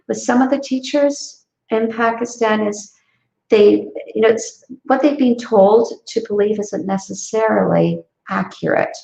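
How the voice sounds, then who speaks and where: A woman's voice: mid-range voice, creaky, a little mellow. A woman who founded an education company, giving earnest parenting advice in a live online Q&A over a video call, with many fillers and restarts. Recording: echoey, dull lo-fi sound.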